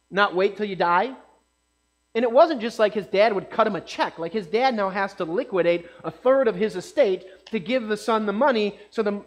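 A man preaching a casual sermon in a conversational way, often checking in with his listeners. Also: high-pitched.

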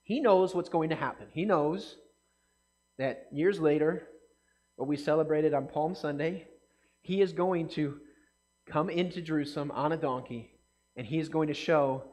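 A man giving a casual, conversational sermon, animated and often asking his listeners questions. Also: fairly high pitch, normal speed, pauses often. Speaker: pastor.

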